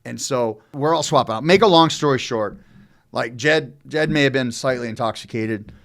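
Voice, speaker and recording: A man's voice: mid-range voice, normal speed, vocal fry. A middle-aged man casually telling a long, rambling story on a podcast, swearing often and talking loosely. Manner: rambling, profane, loose and animated.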